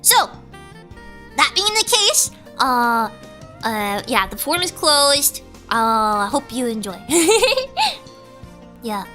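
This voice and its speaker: A woman's voice: sits high, drawn-out words, pauses often, soft background music. A woman streamer chatting casually and rambling, cutting herself off mid-sentence and reading chat messages aloud. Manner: animated, rambling, self-interrupting, reads chat aloud.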